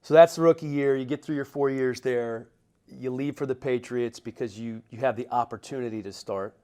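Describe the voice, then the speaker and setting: A man's voice: mid-range voice, steady tone, fairly quick, dark tone. A man hosting a podcast interview, chatty and affirming, asking long winding questions.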